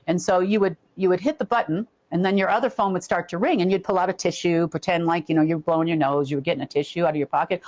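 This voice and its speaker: Woman, casual rambling storyteller, lots of ums, fond of acting out voices; lowish pitch, dull lo-fi recording. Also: fast, few pauses. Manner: rambling, filler-heavy, slips into animated impressions.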